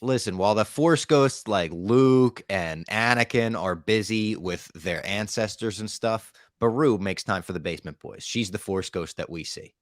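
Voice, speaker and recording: A man's voice: on the low side, moderate pace, hardly any pauses, no room sound, studio quality. A man hosting a podcast in casual chat, upbeat and leading into each segment. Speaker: podcast host.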